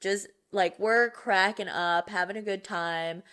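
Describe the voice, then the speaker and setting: Slow-talking young woman telling a story. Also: mid-range voice. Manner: swearing, laughing often, quoting others with animated voices. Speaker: podcast co-host. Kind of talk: casual storytelling chat.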